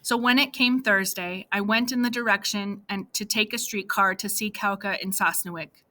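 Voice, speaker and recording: A woman narrating a first-person story for an audiobook in a plain, steady manner. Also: medium pitch, normal speed.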